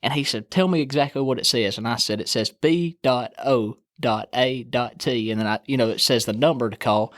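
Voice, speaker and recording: A man's voice: medium pitch, fairly quick, hardly any pauses, a bit bright, no echo. Young male guest, easygoing storyteller who acts out the quotes, dry close mic. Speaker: guest angler telling a fishing story. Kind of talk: casual storytelling.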